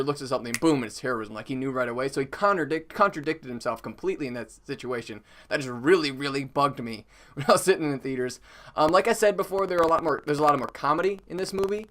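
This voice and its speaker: A man's voice: on the high side, a bit bright. A young man giving a casual, chatty movie review, full of fillers.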